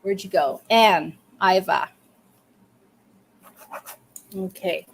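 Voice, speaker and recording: Woman, medium, soothing, affirming, short phrases, mid pitch. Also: drawn-out words, creaky, husky. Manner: soothing, affirming, speaks in short phrases and says "okay" often. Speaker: medium doing live readings. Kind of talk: live-stream reading, chatting to viewers.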